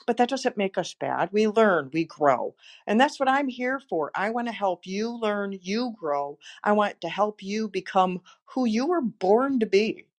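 A woman's voice: medium pitch, lively intonation, unhurried, hardly any pauses. A woman, a motivational speaker and podcast host, giving an encouraging inspirational talk and telling stories. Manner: warm encouraging storytelling.

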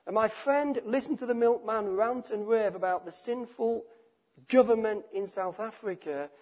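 A man. He stresses points with repetition and lets sentences trail off softly. His delivery is emphatic and direct. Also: high voice, moderate pace. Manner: emphatic, repeats phrases, drops to quiet endings. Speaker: preacher. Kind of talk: sermon.

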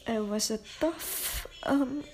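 A young Filipino woman with a Filipino accent, hosting a personal podcast, talking slowly and haltingly in a tearful state, mixing English and Tagalog. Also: fairly high pitch, a little mellow, faint music behind. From Philippines. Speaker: podcast host.

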